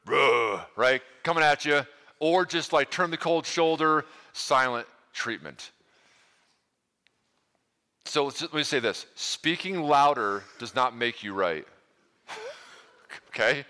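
Middle-aged pastor guy chatting a sermon, bright forceful voice, long hall echo. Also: a little high. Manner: casual, earnest, lots of restarts and asides. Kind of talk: conversational sermon to a live room.

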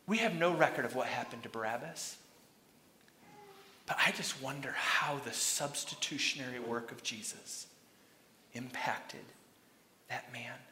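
A man preaching a sermon, retelling a story dramatically and shouting out the crowd's lines. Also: medium pitch, measured pace, long pauses, roomy sound, slight background noise.

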